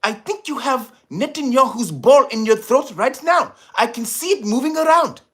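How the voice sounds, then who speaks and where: A man's voice: very high voice, lively intonation, moderate pace, a bit bright, pitched above the performer's own voice. A man voicing an indignant male head of state who taunts a rival leader in a formal, theatrical way. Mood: mocking.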